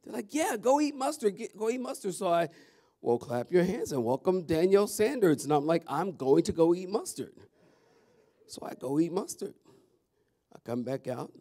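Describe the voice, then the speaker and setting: A man, a pastor talking casually and animatedly to his congregation in a church. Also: mid-range voice. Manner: chatty and animated, calls out to the audience. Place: church sanctuary.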